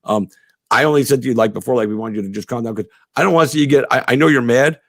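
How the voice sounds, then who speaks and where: A man's voice: mid-range voice, racing, gravelly, no echo, studio quality. A man hosting his own podcast, chatting casually with a guest, rambling with many fillers. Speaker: podcast host. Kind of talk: casual interview.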